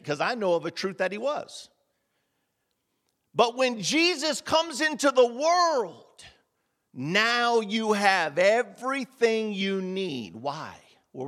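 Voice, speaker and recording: A man with a high voice delivers a slow, deliberate sermon. He builds his points through repeated phrases and rhetorical questions. The voice rings out with long reverb from a church hall. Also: fairly bright tone. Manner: emphatic, rhetorical questions and repetition. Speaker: preacher.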